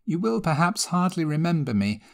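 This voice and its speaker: A man's voice: fairly high pitch, big pitch swings, normal speed, vocal fry, voice pushed up. A man voicing a polite, formal young scholar who is in a hurry. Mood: courteous. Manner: courteous, formal.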